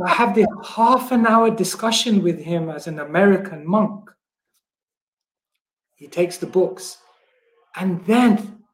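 A man with a British accent, a monk telling stories as a guest in a casual interview, with many fillers. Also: high voice. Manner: animated storyteller with many fillers and laughs. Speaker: guest, monk and book distributor. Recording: echoey room.

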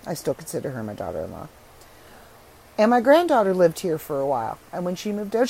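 A middle-aged woman podcaster in casual solo chat, chatty and frank, her voice rough and congested from allergies. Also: fairly low pitch, huge pitch swings, brisk, warm tone, rough recording.

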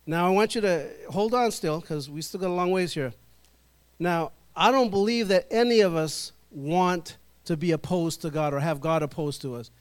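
A middle-aged male pastor preaching a sermon in church, drawing the congregation into call and response and slowing down to stress key words. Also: high-pitched.

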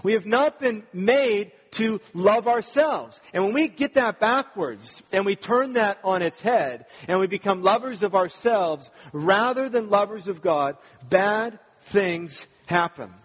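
A man's voice: sits high, expressive, unhurried, slightly rough. A man preaching a sermon, earnest and talking to the congregation with rhetorical questions. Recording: long reverb of a large hall.

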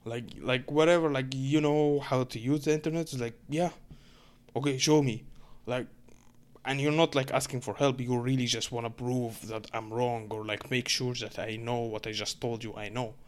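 A man's voice: mid-range voice, fairly even intonation, normal speed. Egyptian man ranting casually. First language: Arabic. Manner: rambling, frequent fillers, swears, exasperated. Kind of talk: casual storytelling rant.

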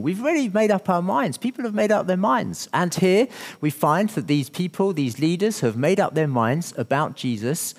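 A man preaching a sermon as pastor, animated, asking the congregation rhetorical questions and acting out little scenes. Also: high-pitched, in a large hall.

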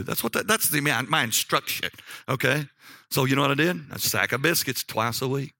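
A middle-aged man preaching a sermon, telling personal stories in a folksy, animated way and often checking in with "okay?". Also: medium pitch, brisk, vocal fry, no room sound, clean studio sound.

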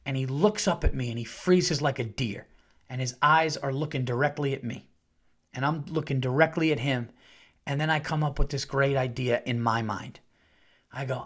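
Podcast host, man, 30s to 40s, a bit high-pitched; casual, profane storyteller who hams up the quotes. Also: brisk. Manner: animated, acts out quotes with big jumps in pitch and loudness; profane and conversational.

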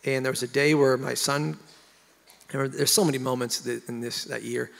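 A man's voice: mid-range voice, fairly even intonation, moderate pace, vocal fry, fairly bright tone, in a large hall. A man who is a worship pastor, telling his story earnestly and emotionally from a church stage, often stopping and restarting his sentences. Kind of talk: confessional sermon storytelling.

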